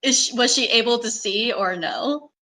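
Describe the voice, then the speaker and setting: A woman playing a tabletop game, chatting in an excitable, bubbly way. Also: fairly high pitch, normal speed, low-quality recording. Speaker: player. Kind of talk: casual tabletop game chat.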